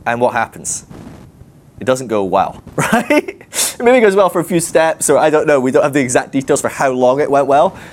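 A man giving a sermon in a loose, conversational way, animated and thinking aloud with fillers and quick laughs. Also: mid-range voice, a little hiss or hum. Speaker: preacher. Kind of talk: sermon teaching.

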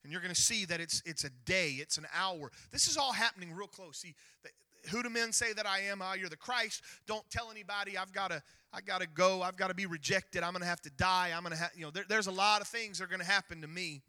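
A male pastor preaching a sermon, emphatic and rising to near-shouts as he retells scripture. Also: high-pitched, fast talker, no room sound.

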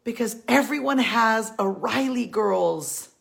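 Her voice runs high and animated, taken slowly with some vocal fry. A Christian women's encourager, she pleads earnestly with her female followers in a heartfelt faith talk, restating key lines for emphasis.

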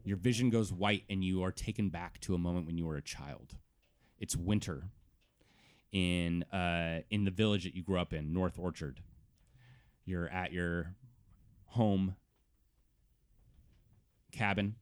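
A man narrating as game master of a tabletop game, telling the scene in an animated way and stretching out words. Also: low voice. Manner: animated storytelling, drawn-out words.

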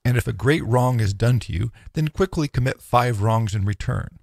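A man reading a philosophical text aloud in a measured, solemn, declaiming way, close to the mic. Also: mid-range voice, vocal fry, a little mellow, no echo. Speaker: narrator.

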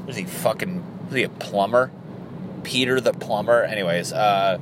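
A man's voice: lowish voice, normal speed. A comedian rambling through crude, profane jokes while driving, laughing at his own bits. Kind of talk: rambling comedy workshop monologue. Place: car, driving. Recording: car road noise behind.

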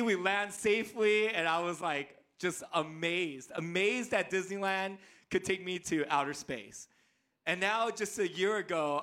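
Male pastor, thirties, high bright voice, lively storytelling sermon. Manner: animated, playful storyteller.

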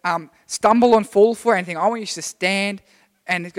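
High-voiced man preaching in a hall. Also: steady tone, normal speed. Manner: chatty, rambling, with many restarts. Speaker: youth preacher. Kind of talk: casual sermon. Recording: long hall reverb.

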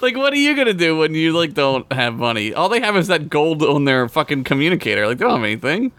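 Animated, profane podcast co-host. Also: male voice, fairly high pitch, fast, smooth, no echo. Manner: animated, profane, laughs often. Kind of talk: casual chat recapping a TV episode.

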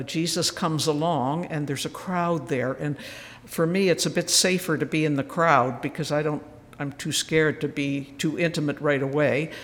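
A man giving a reflective spiritual retreat talk, telling stories gently with soft asides. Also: a little high. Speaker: retreat speaker. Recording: roomy hall with faint noise.

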